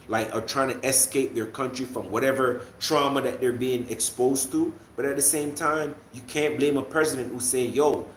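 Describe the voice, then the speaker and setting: A man's voice: medium pitch, fairly bright tone, echoey room, slight background noise. A young man from Jamaica with a light Jamaican accent, hosting a casual livestream and rambling with many restarts and fillers. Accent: Jamaican, usually toned down to an American accent. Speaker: livestream host. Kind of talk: casual livestream chat to viewers.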